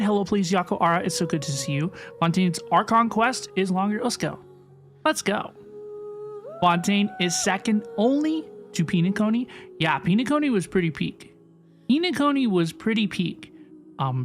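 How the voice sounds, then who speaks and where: A live streamer chatting casually and excitedly with viewers, greeting each by name with a repeated catchphrase. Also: medium pitch. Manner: upbeat, excitable, repeats "hello, please" to greet chat.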